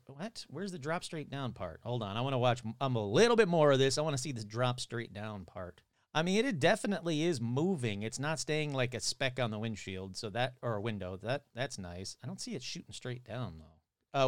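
A man hosting a casual podcast, chatty and reacting aloud as he watches clips, his voice hoarse and cutting in and out. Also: medium pitch, no room sound, clean studio sound. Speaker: podcast host.

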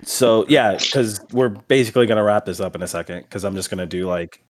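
A man's voice: lowish voice, brisk, a little hiss or hum. A man as game master, narrating a tabletop game in a casual, rambling way with fillers.

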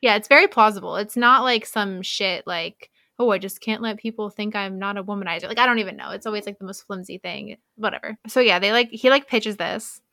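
A woman co-hosts a casual book podcast, laughing often and acting out the characters' exchanges. Her voice is bright and forward. The recording is dry and close. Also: medium pitch, brisk, few pauses, no echo. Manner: giggly, swears casually, acts out characters' lines. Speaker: podcast co-host. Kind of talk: casual book recap chat.

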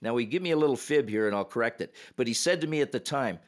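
A man's voice: medium pitch, fast talker, few pauses. A man, a former hockey referee, telling a story on a podcast and acting out the quotes. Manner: animated storyteller, acts out quotes.

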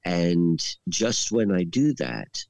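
Low gravelly man telling a rambling story. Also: takes it slowly, no room sound. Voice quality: rambling, heavy use of "like". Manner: animated, laughs while telling. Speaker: podcast storyteller. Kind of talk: casual storytelling chat.

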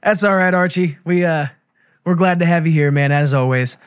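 A man's voice: fairly high pitch, moderate pace, clean tone, no room sound, studio quality. A man hosting a comedy podcast, easygoing and playing along with his drunk guests. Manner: laid-back, easygoing, plays along. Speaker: host.

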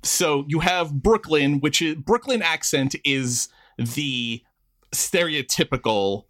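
Lively man co-hosting a podcast. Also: a little high, takes it slowly. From New York, Queens. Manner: animated, jokes with put-on accents. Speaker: podcast co-host. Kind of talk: casual chat.

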